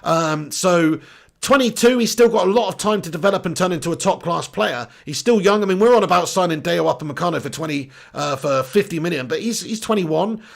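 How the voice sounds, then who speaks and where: A man's voice: sits high, lively intonation, brisk, creaky. A young English man hosting a live football stream, reading viewer comments in a blunt, casual way and swearing freely. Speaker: football channel host.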